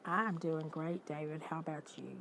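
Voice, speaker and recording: Older woman host, chatty and animated, slightly low voice, faint background hiss. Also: moderate pace, creaky, low-quality recording. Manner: chatty, animated, laughs often and greets viewers by name. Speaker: livestream host. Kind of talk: casual chat with live viewers.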